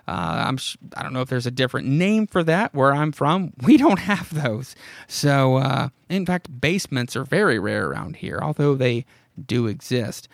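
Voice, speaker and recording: A man's voice: medium pitch, vocal fry, no echo, clean studio sound. A man hosting a podcast, recapping an old horror comic in a rambling, profane, amused way and reading its dialogue aloud. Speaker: podcast host. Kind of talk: casual comic-book recap.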